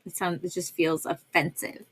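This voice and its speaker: A woman's voice: lowish voice, little pitch movement, moderate pace, a bit bright, husky. A woman co-hosting a podcast, adding short, wry comments during a story reading. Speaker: podcast co-host. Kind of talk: casual banter.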